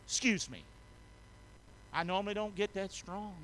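A male pastor preaching a sermon in a church, drawing call-and-response from the congregation and swinging from soft asides to shouted emphasis. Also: sits high, normal speed, a little hiss or hum. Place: church sanctuary.

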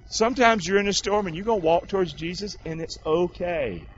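A man's voice: high-pitched, brisk, hardly any pauses, husky, highs cut off. A pastor preaching a sermon to his congregation, asking them questions and having them repeat words back. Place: church hall with congregation.

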